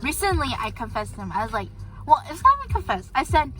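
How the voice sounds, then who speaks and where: A woman's voice: high-pitched, big pitch swings, quick pace, sharp tone, faint music behind. A teenage girl vlogging, telling gossipy stories about her crushes in casual chat. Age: teens. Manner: chatty, gossipy storytelling.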